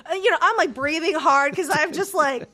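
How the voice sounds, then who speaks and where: A woman's voice: sits high, a little slow, pushed and bright. A middle-aged woman hosting a podcast, telling stories in a casual chat and acting out the dialogue, with frequent "right?" and "okay?" checks. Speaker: podcast host.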